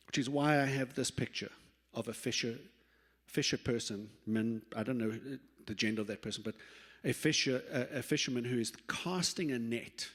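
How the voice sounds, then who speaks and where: Man preaching in a reverberant church. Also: fairly high pitch. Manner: lively storytelling, acts out quoted voices, self-correcting restarts. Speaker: pastor. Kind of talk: sermon. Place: church sanctuary. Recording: long reverb of a church hall.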